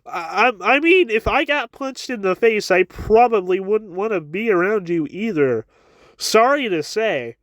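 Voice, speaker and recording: A man's voice: sits high, lively intonation, unhurried, fairly bright tone, no room sound. A man giving a casual chapter review with wry asides, often stammering and repeating his words.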